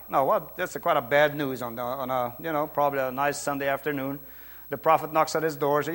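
A middle-aged man with a Brazilian Portuguese accent, a pastor preaching a sermon, emphatic, swinging between loud preaching and quiet asides. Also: fairly high pitch, steady tone, fast.

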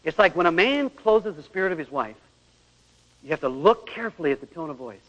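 This earnest talk on marriage, with its rhetorical questions and acted-out examples, comes from a man with a fairly high, expressive, a bit bright voice at a brisk pace. It's captured as a dull radio recording with a long hall echo.

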